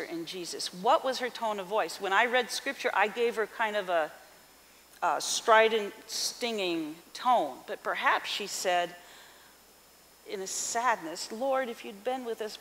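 A woman pastor reading scripture and preaching a sermon in an expressive voice, asking the congregation questions. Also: mid-range voice. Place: church sanctuary. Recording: reverberant hall with faint hiss.

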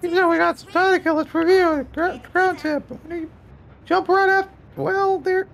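A streamer putting on the voice of a chirpy talking hat sidekick from a video game, in a strained falsetto with an eager, guide-like delivery. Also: steady tone, normal speed, vocal fry, fairly bright tone, heavily acted. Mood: chipper.

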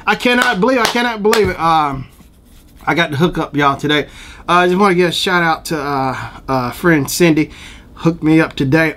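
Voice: mid-range voice, brisk, a bit bright. A vlog host talking giddily, repeating phrases and breaking into bits of song. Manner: giddy, repetitive, breaks into song. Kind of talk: excited unboxing vlog.

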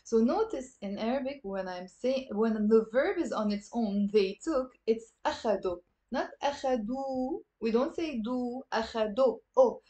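A woman with a Lebanese accent teaching a live online language class, lively and encouraging, mixing English with Arabic. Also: fairly high pitch, moderate pace, few pauses.

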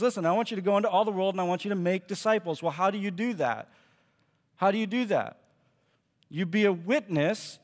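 A man's voice: high-pitched, long reverb tail. A man giving a sermon as pastor, preaching in a conversational way and acting out the quoted speech he tells. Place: church auditorium.

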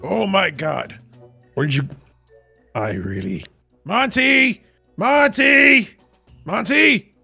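Man doing a flustered animatronic fox, high, bright, jumpy pitch, raspy, VR role-play. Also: lively intonation, no room sound, soft background music, heavily acted. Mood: upset. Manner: flustered, exclaiming, quick restarts. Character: jittery male pirate fox animatronic.

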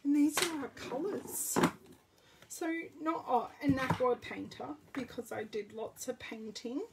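Heard from a distance and off-mic on a very noisy recording, this Australian woman talks with live viewers during a relaxed card-making demo, saying hello as she crafts. She has a high, creaky voice and takes her time.

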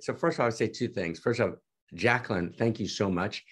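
A man hosting an online gathering on a video call who talks effusively and excitedly to his audience, repeating words and restarting often. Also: fairly low pitch, fast talker, husky. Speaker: teacher and host of an online gathering. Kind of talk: excited spontaneous talk to an audience.

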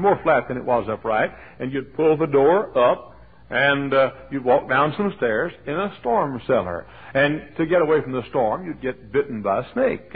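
Preacher on an old tinny tape. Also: male voice, medium pitch, husky. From Texas. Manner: folksy, emphatic preaching with sudden loud swells and joking asides. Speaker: pastor. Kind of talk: sermon. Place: church sanctuary. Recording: thin, phone-like old sermon tape.

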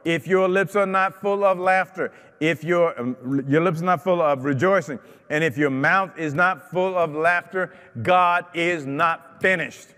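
Pastor, male, slightly high voice, slow deliberate fervent delivery, church reverb. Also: pushed and bright, smooth. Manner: fervent preaching with repeated phrases. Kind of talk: sermon. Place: church sanctuary.

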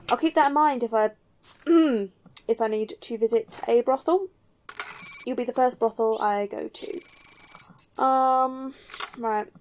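A woman's voice: a little high, darkish tone. Chatty young woman gaming. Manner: chatty, muttering to herself with lots of ums. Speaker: let's play gamer. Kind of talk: casual gameplay commentary.

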